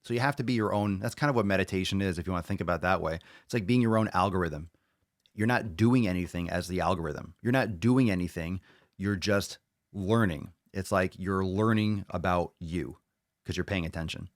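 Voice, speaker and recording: A man's voice: sits low, fairly quick, dry recording, clean studio sound. A man hosting a live podcast in casual, rambling chat, swearing freely and hyping up his audience. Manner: profane, hyped, rambling. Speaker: podcast host.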